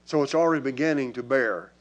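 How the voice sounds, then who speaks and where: This pastor talks fast in a mid-range voice as he delivers a sermon in church. He addresses the congregation in an emphatic, conversational style, calling out to the people facing him.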